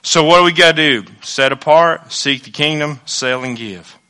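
A male pastor preaching a sermon to his church, swinging from loud exclamations to low, hushed asides. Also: moderate pace, clear, resonant tone.

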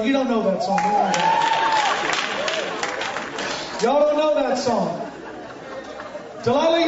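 A man giving a sermon testimony to a congregation, telling his story with animated bursts of shouting and banter with the crowd. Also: very high voice, a little hiss or hum. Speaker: guest preacher giving testimony. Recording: echoey hall from far off, dull sound.

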